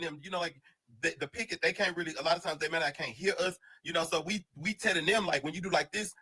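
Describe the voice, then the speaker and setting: A man telling a casual storytime monologue in an animated, slang-heavy, rambling way full of restarts. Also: a little high, fast talker, breathy edge, rough recording.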